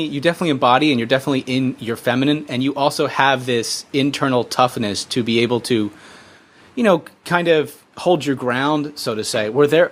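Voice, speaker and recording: A man hosting a podcast, asking long winding questions in a casual way. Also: mid-range voice. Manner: quick, talks in long winding sentences with restarts. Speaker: podcast host.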